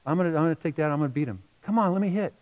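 A middle-aged man preaching a sermon as pastor, telling a personal story with feeling and moving between hushed and loud passages. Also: a little high, lively intonation, very fast, lo-fi sound.

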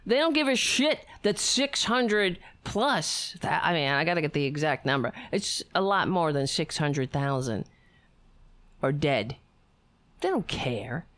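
A woman's voice: low-pitched, very animated, a little slow, a bit bright, dry recording. Sarcastic, profane woman ranting. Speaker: streamer reacting to video. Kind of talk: casual reaction commentary.

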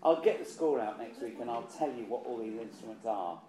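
A man's voice: mid-range voice, animated, fairly quick, crowd noise. Man leading a choir rehearsal. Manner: chatty, encouraging, repeats words while thinking. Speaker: choir director. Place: rehearsal hall. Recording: echoey room with choir around.

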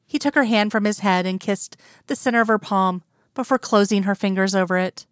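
Smooth-voiced woman reading a story. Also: mid-range voice, brisk, no echo, clean studio sound. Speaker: audiobook narrator. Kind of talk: reading romance fan fiction aloud.

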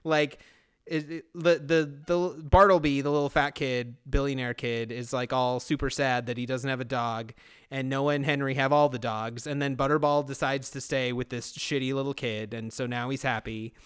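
A man's voice: mid-range voice, steady tone, moderate pace, a bit bright, clean tone, no room sound, studio quality. A man co-hosting a podcast, sarcastically recapping a movie in a rambling way with lots of restarts. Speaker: podcast co-host. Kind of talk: casual movie recap chat.

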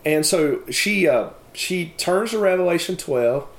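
A man giving a personal testimony and reading scripture aloud, speaking haltingly with many fillers and restarts. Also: fairly high pitch, expressive. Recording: echoey room.

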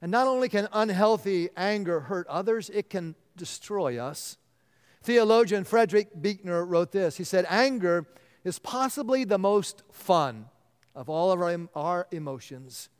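A male pastor delivering an earnest sermon, often dropping to a hushed voice to stress a point. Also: high voice, animated, measured pace, clean tone. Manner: earnest, drops to a hushed voice for emphasis. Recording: long reverb of a large hall.

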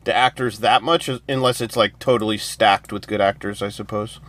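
A man's voice: lowish voice, fairly even intonation, moderate pace, a bit bright. A man co-hosting a movie review podcast, rambling casually with lots of "like". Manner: rambling, exasperated, says "like" a lot. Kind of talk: casual chat.

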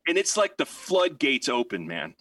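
A man telling a long anecdote in casual podcast chat, rambling and animated with many fillers and restarts. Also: mid-range voice, normal speed, distant mic.

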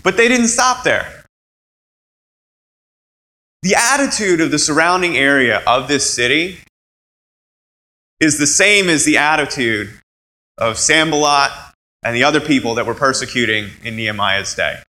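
A man preaching a sermon as a pastor, animated and acting out quoted voices. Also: on the high side, unhurried, pauses often, low-quality recording.

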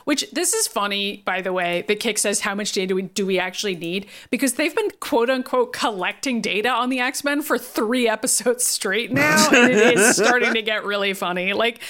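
A woman co-hosting a podcast, recapping an episode in casual chat and acting out the characters' lines with quick impressions and frequent laughs. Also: on the high side, lively intonation, fairly bright tone. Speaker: podcast co-host.

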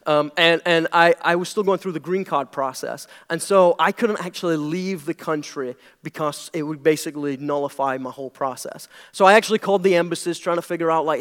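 British man, pastor, sermon, chatty, jokey, fairly high voice. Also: brisk, few pauses, fairly bright tone. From Britain. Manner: conversational and jokey, leaning into his words. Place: church hall before a congregation.

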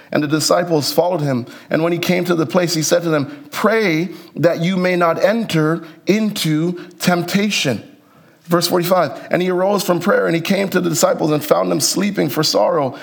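A man preaching a sermon in a conversational, animated way, acting out Bible characters with casual asides. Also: on the high side, creaky. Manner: conversational, uses slang and fillers. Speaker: pastor.

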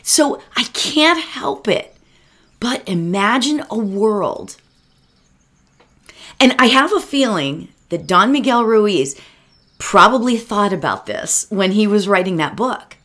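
Earnest woman, lively rambling voice. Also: mid-range voice, slow. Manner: earnest, rambling, talks to the listener directly. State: emotional, near tears. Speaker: meditation teacher. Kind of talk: reflective solo talk.

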